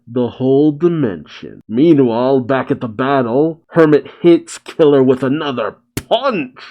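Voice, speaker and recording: A man narrates a comic chapter panel by panel in a relaxed, unhurried way, with chuckles and exclamations along the way. His voice is dark and mellow. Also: mid-range voice. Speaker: manga reaction host. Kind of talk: reading a manga chapter aloud with reactions.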